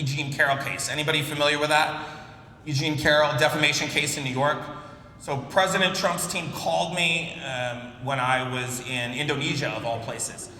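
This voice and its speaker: A man's voice: fairly high pitch, normal speed, bright, forceful tone, slight background noise. A man giving a conference keynote, telling jokes and stories and calling people up from the audience. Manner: storytelling, jokey, works the crowd. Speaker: keynote speaker. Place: large conference hall. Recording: echoey hall from afar.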